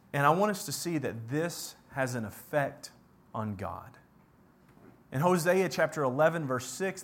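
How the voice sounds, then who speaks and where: A man with a high, light voice preaches and reads scripture aloud. He presses hard on some words, then drops to a hushed tone. His delivery is earnest and emphatic. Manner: emphatic, swings from loud to hushed. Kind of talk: sermon with scripture reading.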